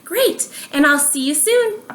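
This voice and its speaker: A woman's voice: very high voice, animated, a little slow, a bit bright. A woman teaching a preschool science lesson at home, counting aloud and asking questions, stretching her words for small children. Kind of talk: slow, sing-song lesson for young children.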